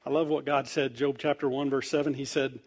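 A man preaches a humorous sermon as animated storytelling, acting out the voices in the tale. His loudness swings widely. He speaks briskly in a medium-pitched voice.

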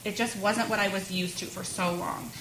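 A woman's voice: medium pitch, steady tone, moderate pace. A woman in her thirties giving a chatty personal testimony at a women's church gathering, laughing often between her words. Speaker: speaker sharing her testimony. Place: church meeting room. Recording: roomy sound with background noise.

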